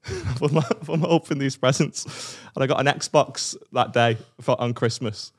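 A man's voice: mid-range voice, measured pace. A man telling a childhood story on a comedy podcast, self-mocking, swearing and laughing. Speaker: podcast co-host.

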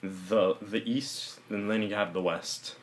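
A man co-hosting a podcast in casual chat, throwing in quick wisecracks. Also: on the low side, fairly even intonation, slight background noise. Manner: wisecracking, quick jokey asides. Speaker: podcast co-host.

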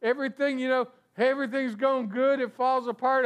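Conversational preacher with a high voice. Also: male voice, fairly even intonation, fairly quick, smooth. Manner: conversational, repeats words, rhetorical questions. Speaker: pastor. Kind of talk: sermon.

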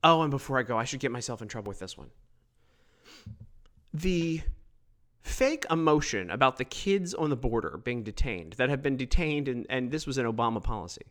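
A man giving opinionated solo political commentary, emphatic and quick to mock others. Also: medium pitch. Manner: emphatic, animated, mocking quoted voices.

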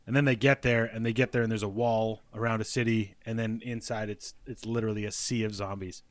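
A man's voice: on the low side, flat delivery, a little fast, dry recording. A young man hosting a podcast in casual chat, upbeat and chatty, recorded close on a podcast mic. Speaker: podcast host.

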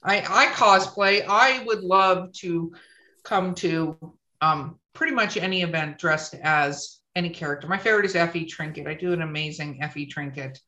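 A woman's voice: lowish voice, moderate pace, sharp tone, reverberant, low-quality recording. A woman hosting a podcast who talks in a gushing, chatty way with lots of fillers. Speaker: podcast host. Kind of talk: casual interview chat.

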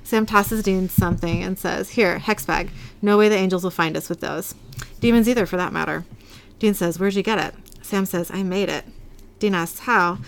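A woman's voice: medium pitch, normal speed, gravelly, slight background noise. A woman co-hosting a podcast, retelling a TV episode scene by scene and quoting the characters' lines. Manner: reads scenes aloud, quoting lines in a lightly acted way. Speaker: podcast co-host recapping an episode.

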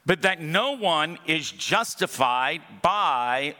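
A man's voice: on the high side, lively intonation, slow, bright, forceful tone. A man preaching a sermon as pastor, emphatic and repetitive, often asking the congregation to respond. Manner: emphatic preaching, repeats key phrases, calls for congregation response. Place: church auditorium. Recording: long reverb from a large auditorium.

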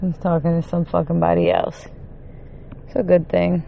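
A woman's voice: fairly low pitch, flat delivery, normal speed, vocal fry, highs cut off, a little hiss or hum. Furious swearing woman ranting. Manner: heated, swearing constantly, rising to shouts. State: tired from one hour of sleep. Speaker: vlogger. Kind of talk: angry profane rant to camera.

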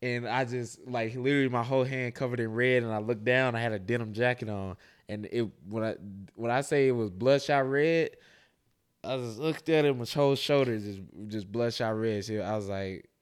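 Smooth-voiced man telling stories. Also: medium pitch, normal speed. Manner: animated storytelling, profane slang. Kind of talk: casual chat.

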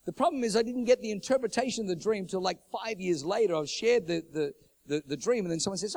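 This middle-aged pastor from New Zealand delivers sermon stories at a quick pace and with lots of animation. His slightly high, a little mellow voice jumps in pitch whenever he acts out the people he's quoting.

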